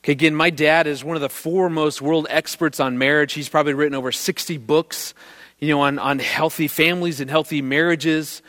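A middle-aged man speaks to an audience in a fairly high voice. He tells a personal story with energy and acts out each person in it with a shift of voice. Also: a little fast. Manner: animated, acts out the people in his story. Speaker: speaker giving a talk on marriage. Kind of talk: storytelling talk before an audience.

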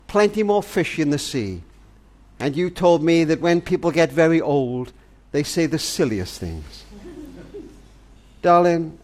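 An older man giving a tender, earnest, grandfatherly monologue, speaking as if to his granddaughter. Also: fairly high pitch. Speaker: family charity speaker. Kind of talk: heartfelt spoken monologue to a granddaughter.

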